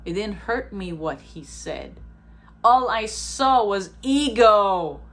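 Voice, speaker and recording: A woman's voice: mid-range voice, slow pace. A woman in her twenties, a vlogger talking straight to camera in a blunt, emphatic way, swearing freely and acting out the people in her stories. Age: 20s. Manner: animated storyteller, acts out others. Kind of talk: casual spiritual monologue.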